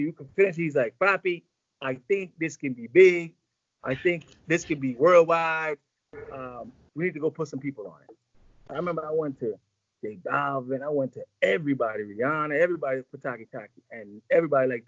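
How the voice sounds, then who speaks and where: A man's voice: mid-range voice, no room sound, lo-fi sound. A man in a casual interview, telling long rambling stories full of slang and acted-out quotes. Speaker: music executive guest.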